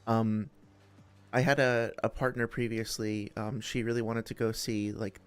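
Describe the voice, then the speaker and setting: A man's voice: on the low side, level tone, measured pace, smooth, soft background music. Rambling, friendly young man chatting. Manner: rambling, friendly, many fillers and restarts. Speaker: streamer host. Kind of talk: casual chat with live chat.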